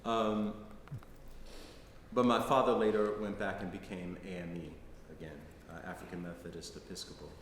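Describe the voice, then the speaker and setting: A man's voice: sits low, little pitch movement, moderate pace. Man lecturing in an echoey hall. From United States. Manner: conversational, frequent "right?" tags. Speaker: guest lecturer. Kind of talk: personal storytelling lecture. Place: lecture hall, live audience. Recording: echoey hall, faint noise.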